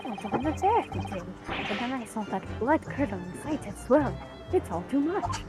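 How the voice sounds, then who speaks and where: A man's voice: very high-pitched, sing-song, moderate pace, over loud music, pitched above the performer's own voice. A man voicing a fretful, overwhelmed lady witness in a courtroom game.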